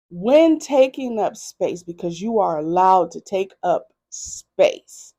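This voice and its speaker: A woman tarot reader talks through a personal reflection at a slow, unhurried pace. Her voice is mellow and dark with a gravelly fry, and she keeps it candid and conversational, often pausing on "right?". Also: mid-range voice.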